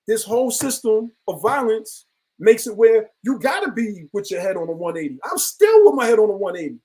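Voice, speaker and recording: Earnest high-voiced man. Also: a little mellow, poor audio. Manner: earnest, reflective, rambling. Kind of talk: casual discussion.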